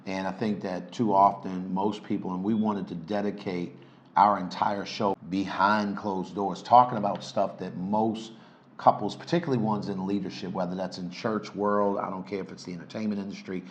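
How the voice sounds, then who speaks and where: A man's voice: sits low, flat delivery, normal speed. A middle-aged man, a relationship coach, co-hosting a casual couple's talk show with a playful, teasing manner. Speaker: relationship coach and podcast co-host.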